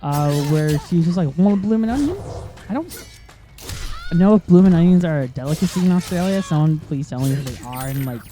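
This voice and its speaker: Warm-toned, on the high side, and a little fast, a male gaming commentator chats through a casual let's play of a game he's playing. He rambles into tangents, filling gaps with fillers and laughing often, as faint game music plays.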